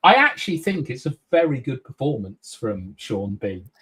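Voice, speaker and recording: A man guest in a casual film review chat, jokey and quick with tangents, swearing freely. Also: medium pitch, sing-song, crowd noise.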